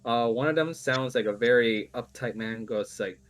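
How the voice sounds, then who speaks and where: A man narrating as game master on an online call, with a halting delivery full of fillers. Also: mid-range voice.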